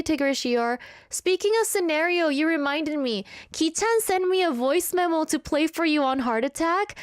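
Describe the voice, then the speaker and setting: Chatty radio host woman, high voice. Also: clear, resonant tone, no echo, clean studio sound. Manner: candid, chatty, self-mocking. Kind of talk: casual on-air chat. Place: radio studio. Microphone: studio microphone.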